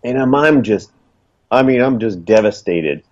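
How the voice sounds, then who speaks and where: A man's voice: medium pitch, lively intonation, a little slow, darkish tone. A man telling his story in casual, earnest talk, rambling with lots of fillers. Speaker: guest, small business owner. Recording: dull lo-fi recording.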